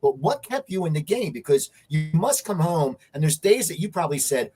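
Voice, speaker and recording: A man hosting an interview show, asking eager, excitable questions in casual chat. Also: a little high, fairly quick, soft background music. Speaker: show host.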